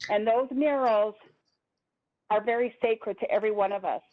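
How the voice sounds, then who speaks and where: A woman's voice: medium pitch, normal speed, background noise. A woman giving a public comment in an impassioned, pleading way. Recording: tinny phone-line audio.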